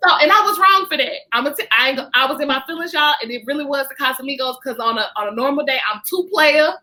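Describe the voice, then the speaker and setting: A woman, a podcast guest, telling an animated personal story in casual chat and venting to her listeners. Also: high voice, fast talker. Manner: animated, vents to listeners as "y'all".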